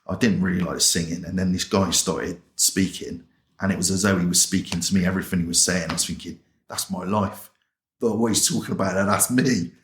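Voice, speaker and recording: Deep-voiced and fairly quick, this man from England is a chaplain giving his testimony as an interview guest. He recounts it as a story, colloquially and plainly, voicing the conversations he remembers, with reverberation around him.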